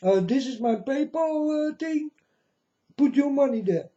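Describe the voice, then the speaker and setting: A man's voice: expressive, a little slow, mellow. A man mocking a weepy fake preacher. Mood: mock weeping. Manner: tearful, whining, high mocking tone. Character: whimpering fake male preacher begging for money. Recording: dull lo-fi recording.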